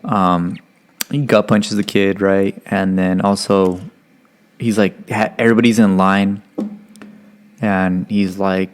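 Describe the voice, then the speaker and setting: A man's voice: sits low, takes it slowly, pauses often. A young man from Stockton, California, telling loose, profane stories as a podcast guest, heavy on "like" and "you know". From Stockton, California, USA. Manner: acts out quotes in lively voices. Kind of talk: casual podcast storytelling.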